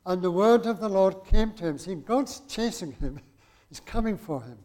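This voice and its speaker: High-voiced man preaching a sermon. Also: lively intonation, moderate pace, darkish tone. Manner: conversational, asks the listeners rhetorical questions. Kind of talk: sermon with scripture reading.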